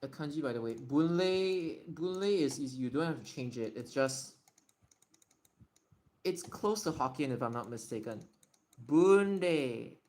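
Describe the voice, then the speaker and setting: A man's voice: medium pitch, animated, normal speed, pauses often, a little hiss or hum. A man hosting a casual livestream Q&A, thinking aloud and often correcting himself and apologizing. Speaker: livestream host. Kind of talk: casual livestream Q&A while writing.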